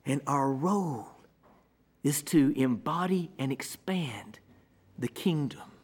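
A man preaching a sermon as pastor, swinging from ringing declarations to hushed near-whispers with a repetitive, measured cadence. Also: medium pitch, expressive, slightly rough.

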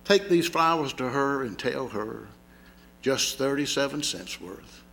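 A man voicing a poor little boy who is eager and pleading, then fading to a hush as he dies. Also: mid-range voice, lively intonation, measured pace, vocal fry, heavily acted. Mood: faint, dying.

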